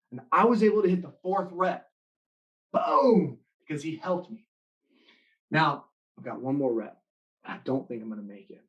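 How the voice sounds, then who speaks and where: A man giving a motivational talk to students in an online live session, telling stories with lively acted-out quotes. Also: on the high side, lo-fi sound. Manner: animated storytelling, acting out quoted lines. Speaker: motivational speaker.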